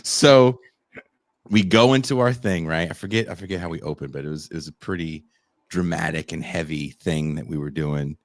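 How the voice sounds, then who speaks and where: A man's voice: a bass voice, moderate pace, no echo. A man co-hosting a podcast, telling stories in casual chat with acted-out quotes and a lot of laughing. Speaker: podcast co-host. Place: living in Mexico.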